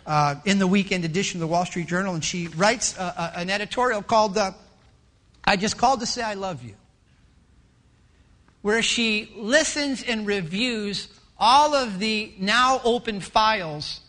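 A middle-aged male pastor preaching a sermon, telling stories and acting out voices in an animated way. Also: high voice. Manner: animated storytelling with acted-out voices.

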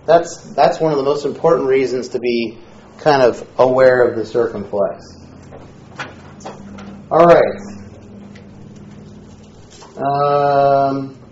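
A man teaching a Greek class in a relaxed, joking lecture style. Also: medium pitch, slight background noise. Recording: echoey room, dull lo-fi sound.

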